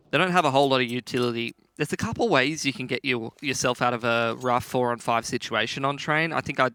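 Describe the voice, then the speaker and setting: A man's voice: medium pitch, sharp tone. A tired man doing color commentary on an esports match, playful and bantering, laughing often. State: tired, up before dawn.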